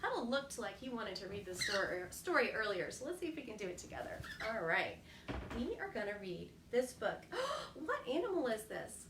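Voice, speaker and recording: A woman hosting a children's storytime, reading aloud in an animated, exclamatory way and asking the children questions. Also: mid-range voice, fairly quick, reverberant, recorded from a distance, background noise. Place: home kitchen.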